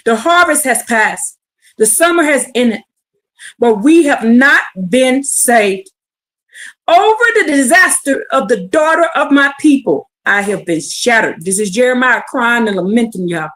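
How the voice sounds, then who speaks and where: A woman's voice: a little high, animated, unhurried, a bit bright. A woman reading scripture aloud on a livestream, breaking off into blunt, profane asides and pleading rhetorical questions. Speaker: scripture teacher. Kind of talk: livestreamed Bible reading with commentary.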